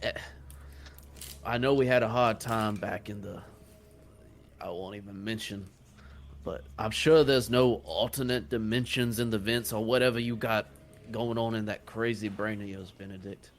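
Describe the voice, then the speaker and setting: A man voicing a blunt, steady male agent who reassures a jumpy teammate. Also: on the low side, normal speed, slight background noise, lightly acted. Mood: dry.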